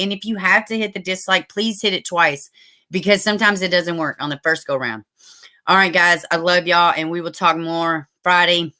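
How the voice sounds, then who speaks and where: A woman's voice: mid-range voice, sharp tone. A woman hosting a casual livestream, rambling and cursing as she talks straight to her viewers. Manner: loose and rambling, swearing, talking to viewers. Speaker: true crime livestream host.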